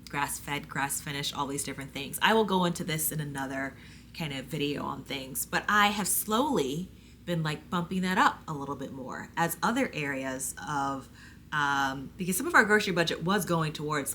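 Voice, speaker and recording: Chatty woman with a bright tone. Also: a little hiss or hum. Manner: chatty, rambling, full of fillers and restarts; pitch leaps high when animated. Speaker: homesteading vlogger. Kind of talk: casual talk to camera.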